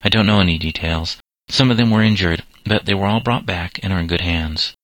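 A kind, calm doctor's wife from a storybook, voiced by a male reader. Her lines sit low with a bright edge, in a close, dry recording. The reading stays near the narrator's own voice. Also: a little fast, dry recording, rough recording. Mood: gentle.

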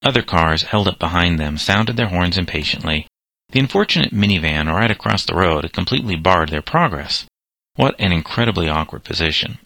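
A man reading a novel aloud as narrator, steady and measured. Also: low voice, creaky, no echo.

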